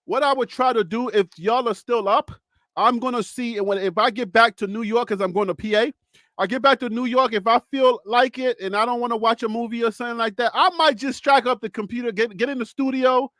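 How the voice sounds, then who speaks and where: A man hosting a casual sports talk show from a studio, loud and teasing, laughing often. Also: very high-pitched, steady tone, fairly quick, no echo. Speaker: podcast host. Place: home studio.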